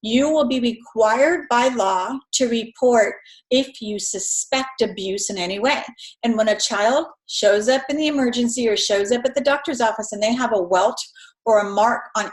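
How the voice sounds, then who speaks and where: A middle-aged woman instructor with a fairly high voice gives a recorded lecture in a conversational way, often adding "right?". The audio is roomy and low quality.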